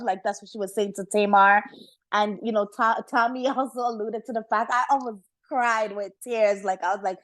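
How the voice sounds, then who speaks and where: Woman, podcast host, casual gossip talk, slangy, laughing, fillers, slightly high voice. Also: brisk.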